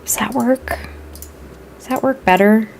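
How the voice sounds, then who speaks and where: A woman with a Boston accent chatting frankly and thinking out loud while building a house in a life-sim game. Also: a little high, a little slow, slight background noise. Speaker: Sims builder streamer. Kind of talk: casual gaming commentary while building.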